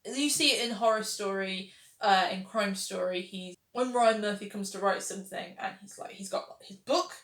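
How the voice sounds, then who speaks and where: A woman's voice: mid-range voice, moderate pace, a bit bright. A woman giving casual, sarcastic commentary on a television series, exasperated with its writing. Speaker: pop culture reviewer. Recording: roomy echo.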